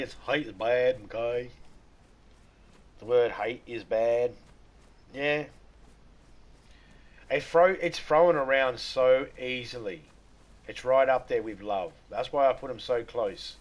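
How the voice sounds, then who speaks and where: A man's voice: mid-range voice, slow, pauses often, fairly bright tone. An Australian man from Western Australia chatting casually on a live stream, rambling, joking and laughing often.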